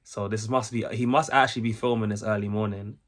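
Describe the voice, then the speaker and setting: A young British man hosting a reaction video, talking in an excitable, chatty way with lots of restarts. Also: on the low side, quick pace. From United Kingdom. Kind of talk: casual reaction commentary. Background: faint music from the video he is reacting to.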